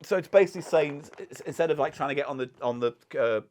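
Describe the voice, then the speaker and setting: A man's voice: on the high side, very fast, a little mellow, slight background noise. A man co-hosting a comedy podcast in a studio, rambling and swearing with mock exasperation. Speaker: podcast co-host. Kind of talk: casual comedy banter. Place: rented studio.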